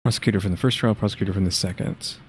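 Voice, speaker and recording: Rambling, low-voiced male commentator. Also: steady tone, darkish tone, breathy edge, dry recording. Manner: rambling, halting with fillers. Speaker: reaction channel host. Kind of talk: casual commentary.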